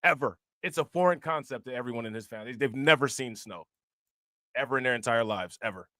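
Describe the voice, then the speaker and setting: Lively man hosting with a crisp, bright voice. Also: mid-range voice, fast, no room sound, clean studio sound. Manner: animated, laughs often, slangy shout-outs to viewers. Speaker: host reacting to crime news clips. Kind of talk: casual reaction commentary.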